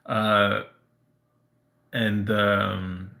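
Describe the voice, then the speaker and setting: A man on a casual live stream, telling a personal story in a halting way, full of fillers and restarts. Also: on the low side, level tone, vocal fry, sharp tone.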